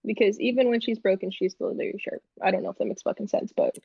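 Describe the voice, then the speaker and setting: Woman player, mid pitch, muffled dry call audio, rambles with lots of likes. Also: fairly even intonation, quick pace, creaky, slightly rough, no echo. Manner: rambling, filler-heavy talk. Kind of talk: tabletop role-play.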